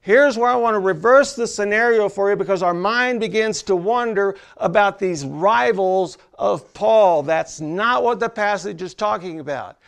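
Pastor, male, high gravelly voice, unhurried and emphatic, chatty church sermon. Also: a bit bright. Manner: emphatic, conversational preaching with asides to the congregation.

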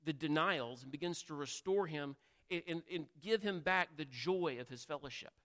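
A man with a slightly high, somewhat bright voice preaches a sermon at a normal pace, keeping it conversational by asking listeners questions and acting out quotes. The recording carries the long reverb of a large hall.

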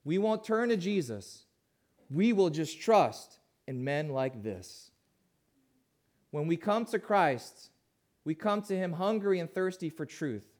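A man preaching a sermon as pastor, asking his listeners questions and swinging between hushed, low passages and louder, emphatic ones. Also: big pitch swings, slow.

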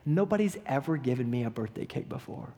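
A man's voice: mid-range voice, expressive, fast, warm tone. A man voicing a weary middle-aged woman who is shy and longing, in a timid, pleading way. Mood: emotional. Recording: long hall reverb.

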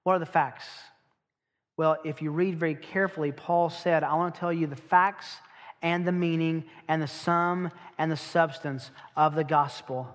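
A man preaching a sermon. He is emphatic, asks rhetorical questions, and slows down to stress key phrases. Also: a little high, steady tone, in a large hall.

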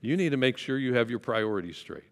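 A man's voice: mid-range voice, expressive, fast talker, in a large hall. A male pastor preaching a sermon in a conversational way, asking his listeners questions.

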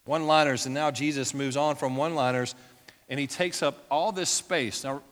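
A male pastor preaching a sermon in a church, emphatic, swinging from loud declarations to hushed intensity. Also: medium pitch, normal speed. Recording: echoey church hall with long reverb.

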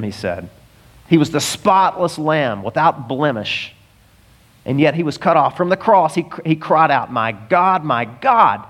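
Animated, fairly high-voiced male preacher. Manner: animated storytelling preacher, rising to emphatic peaks. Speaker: pastor. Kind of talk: sermon.

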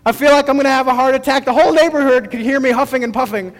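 Man, pastor, sermon, very high voice, casual storytelling, long hall reverb. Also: racing. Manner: conversational storytelling with self-deprecating humor.

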